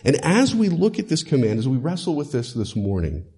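A man's voice: on the high side, sing-song, a little fast, warm tone. A male pastor preaching a sermon, emphatic and conversational, with frequent "uh" fillers.

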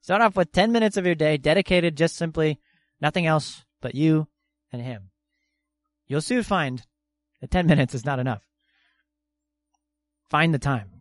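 A man in his twenties preaching a sermon in an earnest, slow and deliberate way, pausing for emphasis. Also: fairly high pitch. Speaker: young preacher.

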